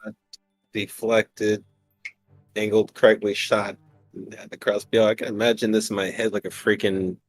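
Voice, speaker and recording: Rambling male player, lowish voice, dry close sound. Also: flat delivery, moderate pace, dry recording, faint music behind. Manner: rambling, hesitant with many fillers. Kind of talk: casual tabletop game chat.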